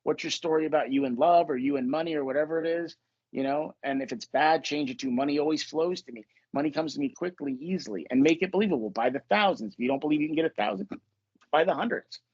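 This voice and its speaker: A man's voice: on the high side, fast talker, dull audio. A man hosting a podcast as a manifestation coach, telling stories in a casual, joking way with plenty of swearing. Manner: profane, joking, animated storytelling.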